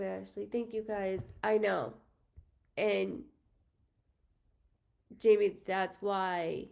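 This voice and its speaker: Slow, gravelly-voiced woman medium chatting. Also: mid-range voice. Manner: chatty, frequent ums, thanks viewers by name, swears casually. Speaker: medium doing live readings. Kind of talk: casual livestream chat with viewers.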